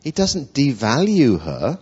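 A man preaching a sermon in an animated storytelling way, acting out quotes. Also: medium pitch, slow, slightly rough. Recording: dull lo-fi recording.

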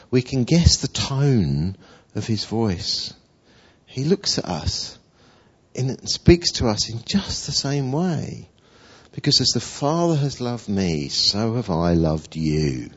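A man preaching a sermon in an animated storytelling way, acting out quotes. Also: medium pitch, slightly rough. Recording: dull lo-fi recording.

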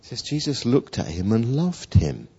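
Lively husky male preacher. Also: mid-range voice, unhurried. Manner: animated storytelling, acting out quotes. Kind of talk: sermon. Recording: dull lo-fi recording.

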